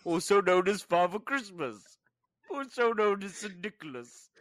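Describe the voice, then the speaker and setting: A man's voice: sits high, expressive, a little slow, no echo, clean studio sound. A man putting on a pompous, vain Santa Claus. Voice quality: boastful, repeats his own titles grandly. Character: pompous self-obsessed male Santa Claus. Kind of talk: comedy podcast character bit.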